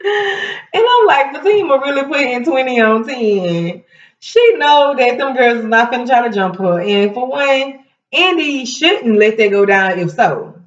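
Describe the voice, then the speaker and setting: Woman recapping a tv episode, highish voice, kinda far from the mic in an echoey room, laughs a lot. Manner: animated retelling, laughs often, quotes characters in quick asides. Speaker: recap show host. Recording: roomy, distant, dull sound.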